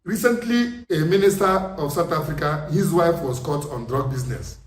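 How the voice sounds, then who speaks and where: A man with a Nigerian accent delivering an impassioned political monologue, forceful and full of rhetorical questions. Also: a little high, normal speed. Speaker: commentator. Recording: echoey room, distant mic, faint noise.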